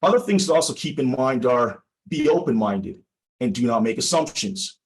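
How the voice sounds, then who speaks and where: Man, lawyer, prepared talk, measured and deliberate, emphatic pauses, instructive, middle pitch. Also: animated, poor audio. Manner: explanatory, instructive tone. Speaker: personal injury lawyer. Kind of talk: prepared presentation for a legal audience.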